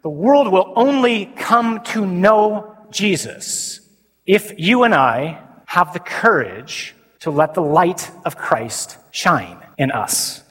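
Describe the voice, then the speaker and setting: A man, a priest preaching a humorous, animated sermon at a men's conference. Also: sits high, takes it slowly, husky. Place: large conference hall. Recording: reverberant hall recording.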